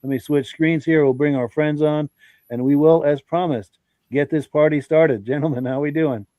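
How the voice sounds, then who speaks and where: A man's voice: on the high side, steady tone, moderate pace, dry recording, phone-quality sound. Congested man hosting a live podcast. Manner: friendly, folksy, reads out comments with fillers. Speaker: podcast host. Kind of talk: live-stream podcast hosting, reading viewer comments.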